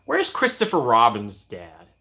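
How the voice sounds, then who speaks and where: A man's voice: mid-range voice, wildly swooping pitch, a little slow, creaky, sharp tone. A young man casually chatting on a live stream, reading and answering viewer comments with playful teasing.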